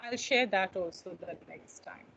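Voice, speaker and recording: A woman's voice: medium pitch, unhurried, vocal fry, fairly bright tone, a little hiss or hum, rough recording. Indian English woman lecturing online. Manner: explanatory, with frequent checking questions.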